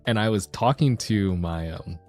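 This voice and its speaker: A man streaming as a VTuber, talking in a casual, rambling and animated way. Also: lowish voice, moderate pace, faint music behind. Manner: animated, rambling, self-deprecating.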